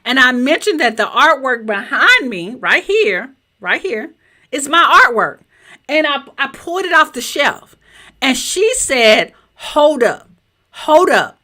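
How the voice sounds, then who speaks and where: Southern woman coach, high bright voice, lively and chatty, teaching from her home office on a webcam. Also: measured pace. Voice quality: a little high-pitched. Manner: animated, chatty, talks straight to viewers. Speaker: business coach. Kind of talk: live-streamed teaching presentation.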